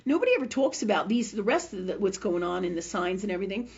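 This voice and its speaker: A woman's voice: medium pitch, slightly rough, muffled recording. A woman hosting a live call-in show as a medical intuitive, talking in a chatty, rambling way, often asking "right?" and swearing casually. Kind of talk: live call-in spiritual health reading.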